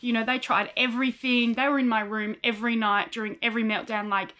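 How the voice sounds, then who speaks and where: A woman's voice: a little high, flat delivery, quick pace, hardly any pauses, bright, forceful tone. A young woman, a psychologist in training, frankly telling her own life story in a personal vlog. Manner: candid, frank, acts out remembered dialogue.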